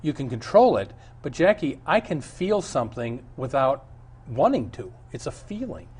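A man's voice: medium pitch, very animated, normal speed, a little mellow, husky. A male pastor preaching a sermon and then answering Bible questions in an earnest, storytelling way. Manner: earnest, storytelling, chuckles often.

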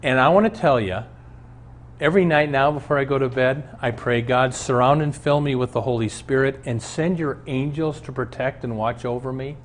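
Man, pastor, earnest Bible teaching, personal stories, mid-pitched voice. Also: normal speed, slight background noise. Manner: earnest storytelling preacher.

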